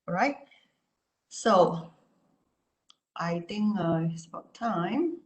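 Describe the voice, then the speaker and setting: A woman therapist giving an online talk and answering questions, speaking calmly and repetitively with many "you know" and "right?" asides. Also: medium pitch, drawn-out words, reverberant.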